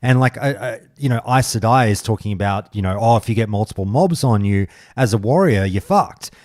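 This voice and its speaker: A man's voice: fairly low pitch, lively intonation, a little fast, a little mellow, dry recording, clean studio sound. A man, hosting a casual podcast chat, ranting and swearing as he gets heated. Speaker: podcast host.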